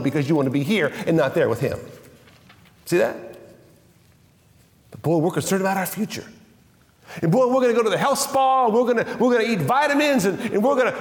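A man preaching a sermon, emphatic and repetitive, dropping his voice low and slow for scripture. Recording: echoey hall with long reverb.

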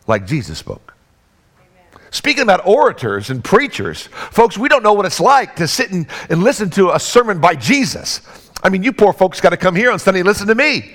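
A man preaching a sermon as pastor, dramatic, swinging from loud bursts to hushed low lines.

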